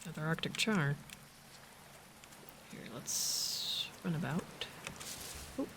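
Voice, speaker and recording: A woman's voice: low voice, takes it slowly, noisy background. A woman hosting a let's play, giving casual gameplay commentary with wry, joking asides.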